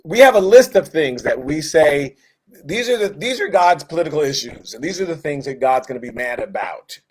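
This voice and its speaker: Man teaching Sunday school, slightly high voice. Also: lively intonation, moderate pace. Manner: conversational, joking asides, acts out quoted voices. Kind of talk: casual Bible teaching.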